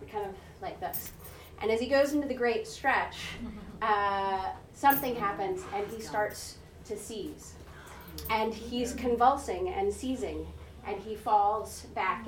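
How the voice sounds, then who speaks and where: A woman's voice: mid-range voice, a little hiss or hum. A woman in her forties gives a conversational sermon built around a personal story, often checking in with "right?" and acting out the voices in it. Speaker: preacher. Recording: echoey room heard from a distance.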